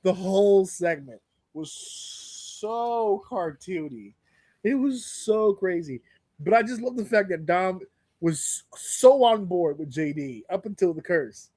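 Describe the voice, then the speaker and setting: Animated, profane man recapping wrestling. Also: high voice, slow pace, no echo. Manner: animated storyteller, swears freely. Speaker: podcast co-host. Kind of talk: casual chat.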